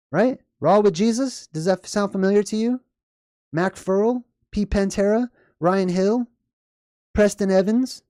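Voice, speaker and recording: A man's voice: high-pitched, mellow, no room sound, studio quality. A man giving casual, rambling commentary on a horror movie and often checking in with "right?" and "okay?". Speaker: video commentator.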